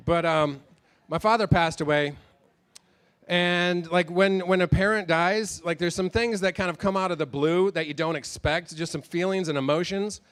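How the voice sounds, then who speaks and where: A man's voice: on the high side, normal speed, a bit bright, clean tone. A man doing a rambling stand-up set, talking about himself, swearing often and correcting his own jokes. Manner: rambling, self-deprecating, swears a lot. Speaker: stand-up comedian.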